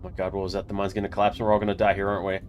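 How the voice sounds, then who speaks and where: A man's voice: sits low, monotone, rapid-fire, lightly acted. A man voicing a jittery young woman who frets and panics. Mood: panicky. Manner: anxious, fretting.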